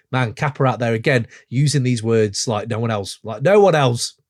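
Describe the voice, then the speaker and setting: A man in his forties hosting a podcast, reviewing a song in an excitable, gushing way full of rambling asides. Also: mid-range voice, normal speed. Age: 40s. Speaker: podcast host. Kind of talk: casual music review chat.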